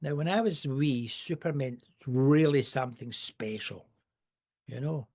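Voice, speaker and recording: A man's voice: medium pitch, measured pace, darkish tone. Older man telling wry anecdotes. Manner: wry, rambling anecdotes with asides. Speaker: podcast guest. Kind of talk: casual storytelling.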